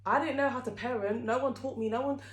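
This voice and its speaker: A woman's voice: fairly high pitch, quick pace. A young woman talking candidly to camera as a vlogger, chatty and open, with lots of fillers. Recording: echoey room.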